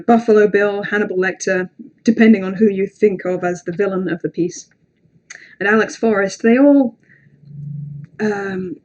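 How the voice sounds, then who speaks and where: This livestream host, a woman with a medium-pitched voice, addresses her audience in a relaxed, meandering way. Fillers and false starts pile up alongside offhand profanity and jokes at her own expense.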